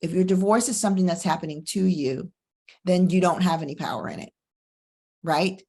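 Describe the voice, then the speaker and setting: Middle-aged woman, divorce coach host, lower register, emphatic motivational delivery. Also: dark tone, husky. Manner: emphatic, preacher-like cadence with slow stressed phrases. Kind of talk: motivational monologue and personal story.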